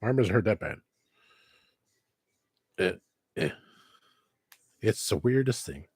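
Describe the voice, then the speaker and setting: His fairly low voice has lively intonation and a breathy edge, and he talks slowly, with no room sound on the headset recording. Hosting a casual livestream, he wanders off topic, stops himself mid-thought, and slips in wistful remarks.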